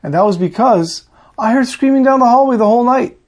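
A man's voice: very high-pitched, a little fast, pitched above the performer's own voice. A man voicing a humble, pious old rebbe who speaks earnestly and pleads.

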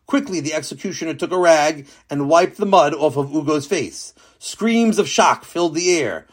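Animated man telling a children's story. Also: a little high, normal speed. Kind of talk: children's story narration with a lesson.

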